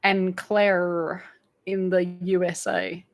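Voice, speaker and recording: A woman's voice: mid-range voice, moderate pace. A woman with an Australian accent tinged with English, chatting casually on a live stream and reading viewer comments aloud. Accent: Australian with an English influence. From England. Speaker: crochet channel host.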